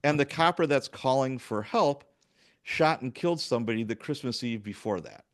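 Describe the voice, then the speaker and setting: A man, a police officer, telling work stories in casual chat and acting out the dialogue in an animated way. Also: mid-range voice, moderate pace. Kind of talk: casual storytelling.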